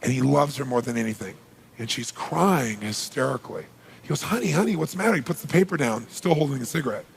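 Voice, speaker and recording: Gravelly, husky guy on stage, fired-up motivational storytelling, acts out the dialogue, long echo off a big hall. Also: medium pitch, fairly quick, slight background noise. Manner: energetic, acts out dialogue, asks the audience questions. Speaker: motivational speaker. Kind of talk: live seminar storytelling. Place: large seminar hall.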